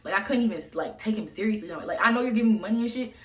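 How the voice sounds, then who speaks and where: A woman's voice: medium pitch, rapid-fire, fairly bright tone. Blunt, chatty young woman in echoey room. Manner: blunt, profane, chatty storytelling. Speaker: vlogger. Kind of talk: casual storytime monologue.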